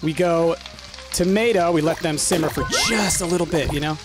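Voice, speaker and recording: Excitable, high-pitched gaming commentator, a man. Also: moderate pace. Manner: excitable, frequently yelps in frustration; self-deprecating, talks straight to viewers. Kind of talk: let's-play commentary. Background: game music.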